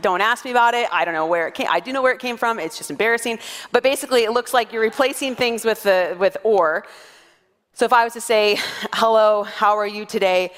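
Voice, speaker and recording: A woman's voice: on the high side, quick pace, fairly bright tone, in a large hall. A woman pastor in her thirties preaching a sermon to her church, telling stories in a playful way with frequent laughter.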